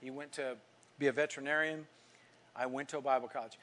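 A middle-aged man from California preaching a sermon, telling stories and swinging from hushed asides to emphatic lines. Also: mid-range voice, steady tone, fast. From California, USA. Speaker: pastor.

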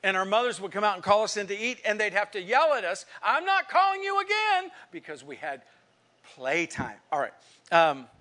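A middle-aged man from California preaching a sermon, telling stories and swinging from hushed asides to emphatic lines. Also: sits high, expressive, fairly quick. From California, USA. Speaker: pastor.

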